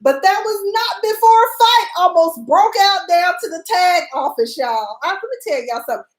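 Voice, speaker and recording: A woman hosting an internet radio show, chatting in a sassy, animated way and telling stories straight to her listeners. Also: very high voice, moderate pace, echoey room, low-quality recording. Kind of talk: casual talk radio monologue.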